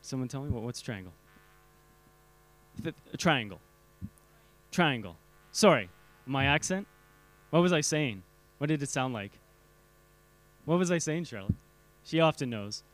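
A man's voice: medium pitch, animated, a bit bright. A man teaching a church group in a casual talk, often stumbling over and repeating words while quizzing his listeners. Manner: halting, repeats words, asks the audience questions.

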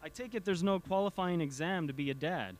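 A man's voice: high-pitched, fairly quick, lightly acted. A man reading a comic strip aloud, voicing a father who admits he doesn't know the answers. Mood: puzzled. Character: unsure, good-humored father.

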